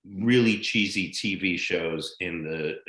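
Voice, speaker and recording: Older american guy telling showbiz stories, kinda low voice, swears a bit, echoey room. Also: takes it slowly. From United States. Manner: animated anecdotal storyteller, blunt and profane. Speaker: guest actor. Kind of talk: casual storytelling interview.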